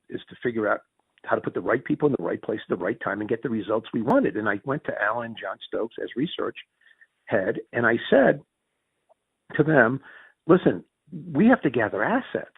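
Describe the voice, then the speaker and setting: A man with a Northern US Yankee accent telling stories as an interview guest, acting out quoted dialogue with big pitch jumps and often restarting his words. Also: lively intonation, a little fast, slightly rough, dry recording. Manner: frequent restarts and repeated words. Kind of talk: storytelling in a conversational interview. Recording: tinny phone-like dry audio.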